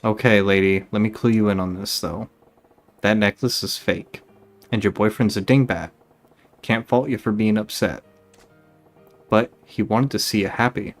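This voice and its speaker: A brash, tough male gangster from a video game, blunt and slangy in a low voice as a man reads his lines aloud. He talks plainly, with little put-on gruffness. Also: fairly even intonation, moderate pace, pauses often, soft background music, close to an everyday voice. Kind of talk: reading game dialogue aloud.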